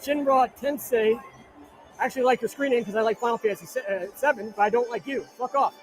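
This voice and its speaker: High-voiced brash man hosting a live stream. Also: fast talker, soft background music. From New Jersey. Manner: brash, crude joking shout-outs. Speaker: livestream host. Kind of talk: live-stream chat reading viewer comments. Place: inside an arena.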